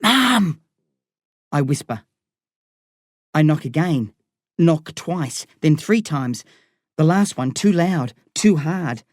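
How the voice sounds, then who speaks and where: A man reading a novel aloud in first person, with measured, vivid storytelling. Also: fairly high pitch, mellow, no room sound, studio quality. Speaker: audiobook reader.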